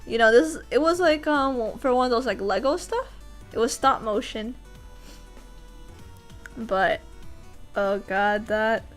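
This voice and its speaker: A high-pitched woman chats casually on a livestream about her voice acting work. She is animated, laughs often and restarts her sentences mid-thought. Soft background music plays faintly under her voice. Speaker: voice actor and streamer.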